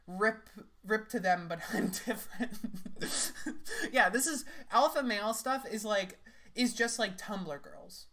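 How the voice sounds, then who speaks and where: A woman's voice: medium pitch, expressive, takes it slowly, fairly bright tone. A young woman making sarcastic, laughing, rambling comments as she reacts to clips.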